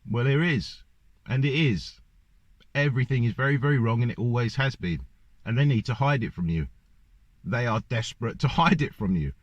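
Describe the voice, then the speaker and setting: A man's voice: mid-range voice, normal speed, no room sound. Man, ranting monologue, repeated rhetorical questions, dull lo-fi sound. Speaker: vlogger. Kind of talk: monologue to camera. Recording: dull lo-fi dry recording.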